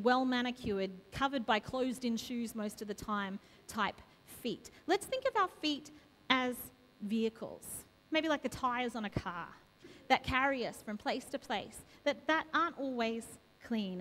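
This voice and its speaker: High-voiced woman preaching in a reverberant church. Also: lively intonation, unhurried, fairly bright tone. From Australia. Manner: asks the congregation many repeated questions. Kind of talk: sermon. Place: church sanctuary. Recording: long reverb of a church hall.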